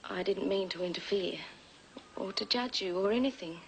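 A woman's voice: medium pitch, moderate pace, a little hiss or hum, lightly acted, rough recording. An actress playing an earnest, pleading young woman in the style of 1980s TV soap acting.

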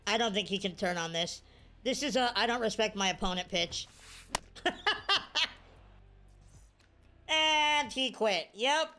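A woman commentating her own video game play, excitable and cheering on or scolding her players. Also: a little high. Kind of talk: casual gameplay commentary.

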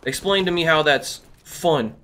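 A man giving excitable, trash-talking commentary over his own gameplay, a little sick. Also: on the high side, unhurried, a little hiss or hum. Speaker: gaming YouTuber. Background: faint background music.

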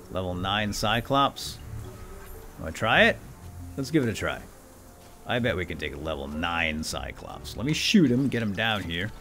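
Guy narrating his game, super animated, goes from mumbling to yelling, bit of game music behind. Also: on the low side. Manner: jumps from quiet muttering to loud excited shouts. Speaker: gameplay video host. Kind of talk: excited let's-play commentary.

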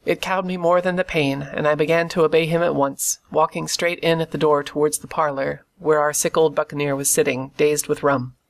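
Steady audiobook narrator, classic novel reading. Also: mid-range voice, brisk, gravelly, few pauses. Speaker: audiobook reader.

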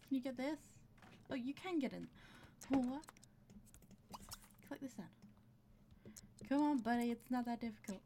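A woman with a high, warm voice comments casually on her game at normal speed, pausing often, over a little hiss or hum. She chats to her characters, laughs a lot, and her breathing is audible.

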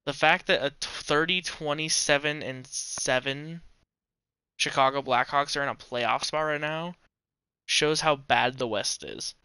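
A male streamer giving casual live commentary over a hockey game, excitable and swearing freely. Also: a little high, a little slow, clear, resonant tone, dry recording.

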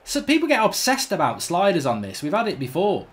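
A man's voice: high voice, huge pitch swings, brisk. A middle-aged man commentating his football video game as a host, exasperated and swearing as he groans at his team. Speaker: gaming channel host. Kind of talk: live gameplay commentary.

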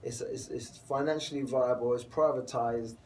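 A man's voice: mid-range voice, steady tone, moderate pace, darkish tone, distant mic, a little hiss or hum, low-quality recording. A man with a London accent, a guest actor talking earnestly in a casual interview and laughing easily. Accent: London English. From England.

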